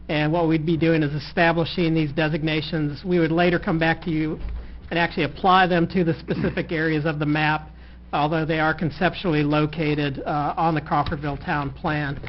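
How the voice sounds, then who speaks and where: A man presenting to county commissioners as a planner, speaking in a measured way with hesitant fillers. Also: on the high side, little pitch movement. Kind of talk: staff presentation. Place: county commission meeting room. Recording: muffled recording with faint noise.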